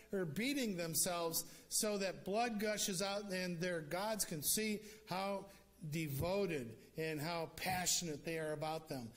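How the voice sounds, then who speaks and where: A male preacher retelling a scripture story in a casual, conversational sermon with joking asides. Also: high voice.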